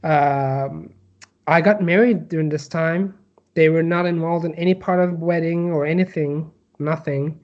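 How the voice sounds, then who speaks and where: A young man from Turkey with a Turkish accent, telling his personal story as an interview guest, halting with many fillers and restarts. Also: a little high, fairly even intonation, lo-fi sound.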